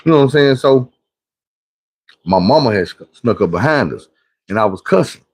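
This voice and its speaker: A man's voice: expressive, normal speed, breathy edge. Profane storytelling man on a livestream. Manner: profane, preachy storytelling that swings between loud and low. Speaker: livestream host. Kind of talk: casual livestream monologue and storytelling.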